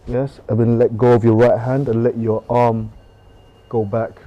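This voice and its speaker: A man leading a qigong class, calmly coaching breathing and movement with gentle repetition, on a close mic while he moves. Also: medium pitch, unhurried, lo-fi sound. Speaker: qigong instructor. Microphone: close clip-on mic while moving.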